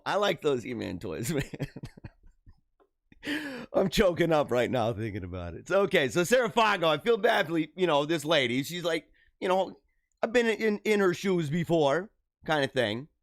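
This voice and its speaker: On a livestream, a male host jokes and laughs often as he riffs on a news story in an animated way. His voice is fairly high at a normal speed. The audio is clean studio sound with no echo.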